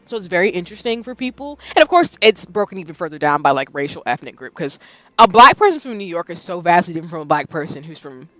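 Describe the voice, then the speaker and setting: A streamer from the American South talks in a bright, forceful voice and keeps the chat lively with easy laughter. The sound is dry and close, as if from a desk mic at home. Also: medium pitch, dry recording, soft background music. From Southern United States. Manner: chatty, animated, quick to laugh. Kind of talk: casual chat on a live stream.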